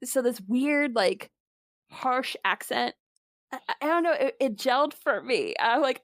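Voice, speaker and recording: A woman co-hosting a podcast, chatting casually about movies, bubbly and quick to laugh. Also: sits high, vocal fry, no room sound. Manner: bubbly, laughs often, animated. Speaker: podcast co-host. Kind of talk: casual movie review chat.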